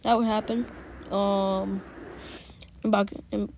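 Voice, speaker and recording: A woman's voice: mid-range voice, flat delivery, takes it slowly, darkish tone. A woman casually telling a made-up fan story, rambling with restarts and whispered asides.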